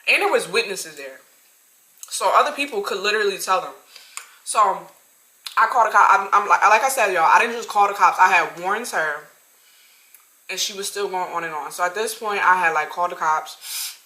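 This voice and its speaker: A woman in her twenties telling a story-time tale to her viewers, animated and talking straight to them. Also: mid-range voice, normal speed, pauses often. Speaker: vlogger. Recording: roomy echo.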